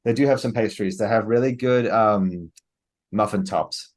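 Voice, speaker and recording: Relaxed low-voiced man chatting casually. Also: moderate pace. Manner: relaxed, heavy use of "like" fillers. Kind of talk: casual chat.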